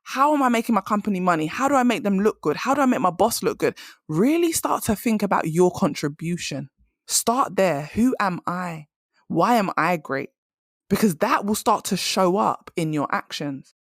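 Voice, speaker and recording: A woman's voice: medium pitch, expressive, moderate pace, dry recording, clean studio sound. A woman hosting a podcast, giving direct, emphatic career advice in a casual monologue. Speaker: career coach and podcast host.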